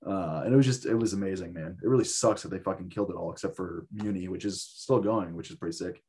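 A man's voice: deep voice, quick pace, mellow, husky. A man in his thirties telling a rambling, profane story in casual chat, full of fillers. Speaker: podcast guest.

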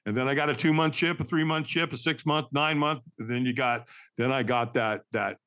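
A man in his sixties, a podcast guest, tells a candid personal story in an animated, emphatic way and laughs through hard memories. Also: mid-range voice, brisk.

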